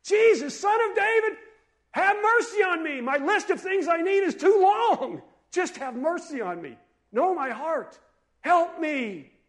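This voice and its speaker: A man voicing a desperate blind beggar crying out loudly for mercy. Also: very high-pitched, expressive, measured pace, pitched above the performer's own voice. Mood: pleading. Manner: loud pleading cry.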